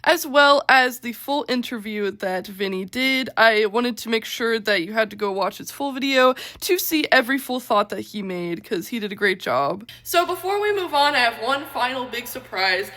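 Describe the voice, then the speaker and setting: Woman, show host, scripted presentation, upbeat, higher voice. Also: lively intonation, moderate pace, few pauses, sharp tone. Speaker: host of an online award show.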